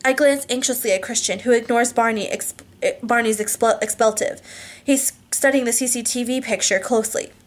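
A woman's voice: a little high, normal speed. A woman reading a romance novel aloud, with frequent restarts and slips. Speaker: audiobook reader.

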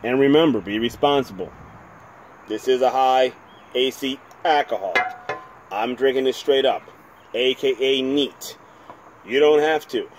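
A New Jersey man hosts his own whisky review channel, chatting in a rambling, self-deprecating way in a casual home video review. He speaks a little slowly at medium pitch, pausing often, with slight hiss or hum in the audio.

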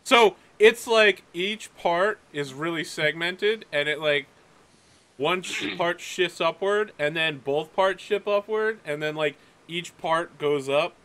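A man's voice: a little high, slow, a bit bright. A man narrating as game master in a casual tabletop session. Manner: loose, casual describing.

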